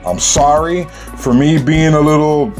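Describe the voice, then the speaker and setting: Painter, male, casual streetwise storyteller, slightly high voice, loose slang. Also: fairly even intonation, unhurried, a little mellow, faint music behind. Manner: slangy, streetwise, packed with "you know".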